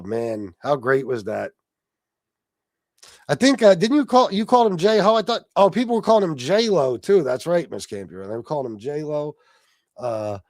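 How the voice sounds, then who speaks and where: A man's voice: mid-range voice, darkish tone, no room sound, studio quality. A man hosting a casual livestream, telling a story with lots of swearing and laughter and answering his chat. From Sicilian heritage. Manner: profane, laughing storyteller, reads chat aloud. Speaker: livestream host.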